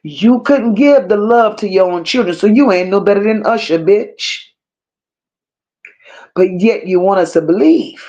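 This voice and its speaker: A woman delivers an unscripted rant in a medium voice, leaning hard on each word with open scorn. Her pace is unhurried and drawn out, and she breaks off now and then to read viewer comments aloud. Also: medium pitch, warm tone, lo-fi sound. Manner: slow, emphatic and scornful, with drawn-out insults. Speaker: commentary channel host.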